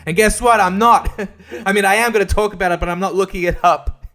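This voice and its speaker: A young man on his own podcast, with a fairly high voice. He rambles through a crude, sarcastic rant and keeps breaking into laughter. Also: fast talker, a bit bright. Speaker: podcast host. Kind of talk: casual solo podcast rant.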